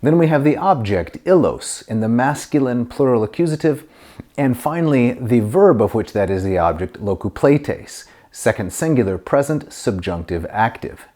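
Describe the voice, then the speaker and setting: A middle-aged man teaching Latin grammar, explaining step by step and reading Latin phrases slowly and clearly. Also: mid-range voice, lively intonation, warm tone. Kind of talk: grammar lesson to camera.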